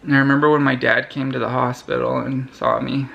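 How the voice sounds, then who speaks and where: A young man vlogger telling a personal story to camera in an earnest, halting way, often restarting his sentences. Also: mid-range voice, level tone, gravelly, fairly bright tone, lo-fi sound.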